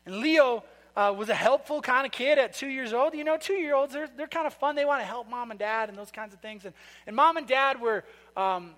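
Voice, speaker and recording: Preacher, male, high and bright voice, chatty storyteller who quizzes the congregation. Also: a little fast. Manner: conversational storytelling, asks the congregation questions. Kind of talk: sermon. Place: church sanctuary. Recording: long reverb of a large hall.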